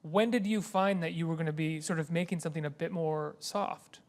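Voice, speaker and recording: A man hosts an interview with filmmakers, his voice sitting a little high for a man. He asks long, winding questions and often stops to rephrase himself midway. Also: steady tone, a little fast. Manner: rambling, self-correcting questions. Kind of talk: interview conversation.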